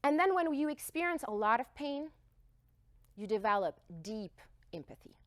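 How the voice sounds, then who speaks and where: A woman speaks in a high voice that swoops up and down, and her delivery is emphatic and heartfelt. She tells her story to the room with expressive energy, and the sound is close and dry, with no echo. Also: moderate pace. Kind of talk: storytelling talk.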